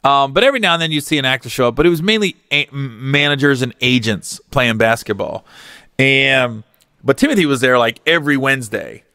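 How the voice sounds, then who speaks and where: A male comedian hosting his podcast, telling stories in an animated, profane way and laughing at his own jokes. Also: mid-range voice, fairly quick, clean tone, no room sound, studio quality. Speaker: podcast host.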